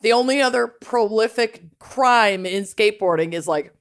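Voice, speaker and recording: A woman's voice: fairly high pitch, moderate pace. A woman co-hosting a casual podcast, chatting in a wry, sarcastic, grumbling way. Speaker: podcast co-host. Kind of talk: casual chat.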